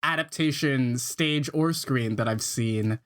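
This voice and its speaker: A man's voice: mid-range voice, takes it slowly, fairly bright tone. A man co-hosting a film podcast, talking in a chatty, upbeat way. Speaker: podcast co-host. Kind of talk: casual chat.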